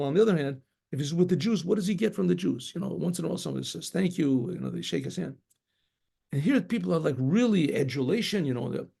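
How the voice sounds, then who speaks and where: Telling a story in spoken form, a rabbi rambles conversationally and imitates its sounds, including shofar blasts. He has a fairly high, creaky voice that is dark in tone with a breathy edge.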